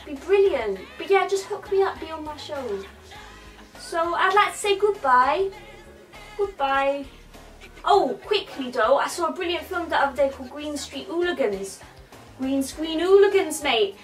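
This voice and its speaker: A woman's voice: high-pitched, expressive, a little slow, poor audio. A woman hosting a comic show, bantering jokily and tacking "mate" onto her lines. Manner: jokey, tacks 'mate' onto lines. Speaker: show host. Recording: off-mic with loud music behind.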